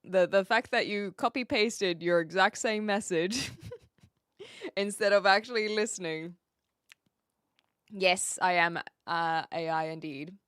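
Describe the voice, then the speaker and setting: A woman's voice: mid-range voice, takes it slowly, long pauses, a bit bright, smooth, dry recording, clean studio sound. A woman from New Zealand with a light Kiwi accent, chatting casually with viewers on a live stream, laughing often as she answers their messages.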